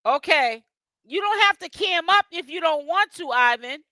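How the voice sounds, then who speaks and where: A man's voice: very high-pitched, lively intonation, normal speed, bright, forceful tone, dry recording. A man from Boston hosting a casual livestream, chatting directly with viewers and guests. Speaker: livestream host.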